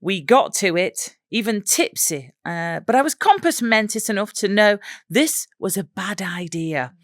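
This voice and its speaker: A woman's voice: mid-range voice, unhurried, no echo, studio quality. Giggly English woman reading stories. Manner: giggly, lively storytelling. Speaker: podcast co-host. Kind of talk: casual chat, reading listener stories.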